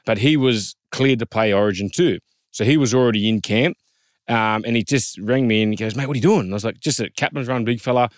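Australian man, thirties, animated storyteller, rapid delivery, dry sound. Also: on the low side, dry recording. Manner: animated, quotes others in lively put-on voices. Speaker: former rugby league player, guest. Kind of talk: casual storytelling chat.

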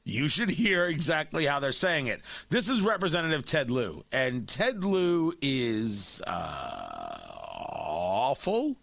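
Lively, sarcastic talk radio man. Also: fairly high pitch, a little slow, few pauses, dry recording. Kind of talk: opinionated talk radio commentary. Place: radio studio. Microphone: studio microphone.

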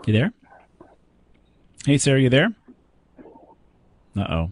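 Low-voiced plainspoken radio tech host, dry studio sound. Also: male voice, expressive, no echo. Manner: plainspoken, jokey, giving quick practical advice. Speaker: radio call-in show host. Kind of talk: call-in tech radio talk. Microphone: studio microphone.

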